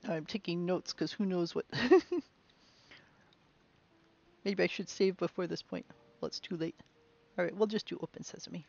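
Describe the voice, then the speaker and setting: A woman giving chatty, musing let's play commentary on a game, with bursts of excitement. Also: lowish voice, unhurried, vocal fry, pauses often, muffled recording. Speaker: game streamer.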